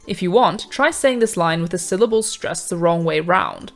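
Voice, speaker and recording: A woman with a slightly low voice narrates a scripted revision lesson. She explains each step in a measured, clear way, and faint music plays underneath. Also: animated. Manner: measured, clear teaching delivery. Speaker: revision tutor.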